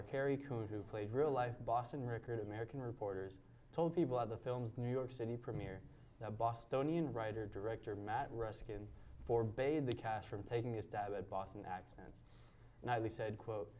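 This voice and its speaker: A man anchors a news show, reading out headlines and announcements. He speaks at a middle pitch, in a plain read-aloud manner. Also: moderate pace, warm tone, slight background noise.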